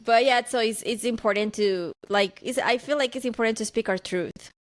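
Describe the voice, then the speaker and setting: A woman's voice: fairly high pitch, normal speed. A young adult woman co-hosting a podcast, candid and rambling in casual chat, often questioning herself. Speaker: podcast co-host.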